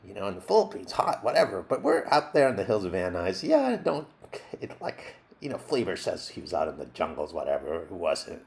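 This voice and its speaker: A man playing a gravelly, rambling jackalope actor. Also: low-pitched, very animated, a little fast, full character voice. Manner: rambling, loopy, easily sidetracked. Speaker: interviewee in a mock documentary.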